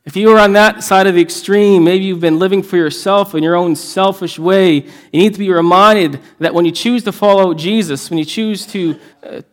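A man's voice: high voice, fairly even intonation, normal speed. A man preaching a sermon, earnest and emphatic, often restarting his phrases. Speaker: pastor.

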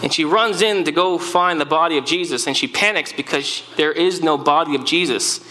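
A man preaches as an earnest eyewitness follower of Jesus in a dramatic first-person sermon monologue, his voice high and bright. He stumbles over and repeats words as the story stirs him. It is recorded in an echoey hall with a faint hum behind. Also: fairly quick.

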